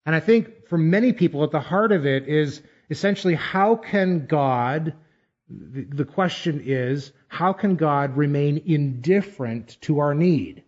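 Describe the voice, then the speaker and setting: A man delivers a sermon at an unhurried pace, stressing repeated phrases with earnest emphasis. The recording sounds somewhat dull and muffled. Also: a little high, lively intonation. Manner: measured, emphatic preaching with deliberate pauses. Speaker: pastor.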